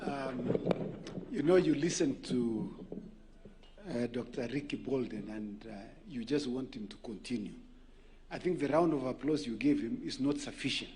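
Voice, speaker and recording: A man's voice: medium pitch, normal speed, heavy background noise. A man acting as co-chair and master of ceremonies at a formal event, speaking politely with fillers and addressing dignitaries.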